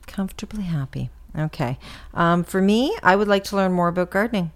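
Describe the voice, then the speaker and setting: A woman's voice: lowish voice, animated, brisk. A middle-aged woman co-hosting a casual chat with her daughter, encouraging and enthusiastic. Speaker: co-host, mother.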